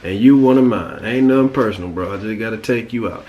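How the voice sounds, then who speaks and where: A man's voice: lowish voice, fast talker, highs cut off, a little hiss or hum, lightly acted. A man quoting a blunt cartoon villain.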